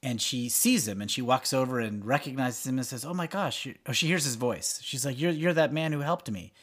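A podcast co-host casually retells film scenes, animatedly acting out the characters' lines as he goes. His mid-range voice is fairly quick with a breathy edge.

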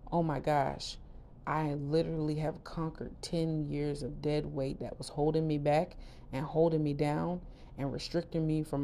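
A middle-aged woman hosting a podcast, telling her personal story candidly in a casual, expressive way with lively quoted asides. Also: low-pitched, slight background noise. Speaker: podcast host.

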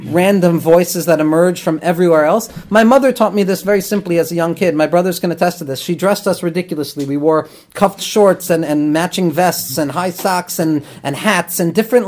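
A man's voice: high-pitched, brisk, few pauses, a little mellow. A man teaching as a rabbi and therapist, earnest and explanatory, weaving Hebrew terms into his talk.

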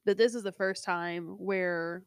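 A woman's voice: lowish voice, fairly even intonation, unhurried, clear, resonant tone, no echo. Chatty woman with a dry, close sound. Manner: chatty, rambling, with many fillers. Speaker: podcast co-host. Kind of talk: casual chat.

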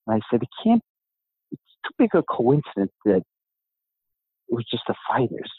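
A middle-aged New Yorker, a guest who is an author and gym owner, tells a long story in a podcast interview, animatedly acting out the quoted voices of its characters. His husky mid-range voice moves at normal speed, on a dry recording with a tinny, phone-like sound.

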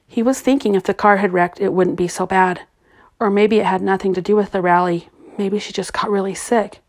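A woman narrating a novel in a steady, even storytelling voice. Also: mid-range voice, fairly quick. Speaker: audiobook narrator. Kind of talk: scripted narration.

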